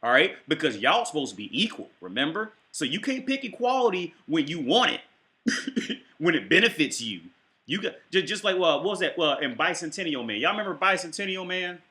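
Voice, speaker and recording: A man's voice: a little high, very animated, fairly quick, sharp tone. A man hosting his channel, reacting to a clip with a heated, rambling, profane rant full of restarts.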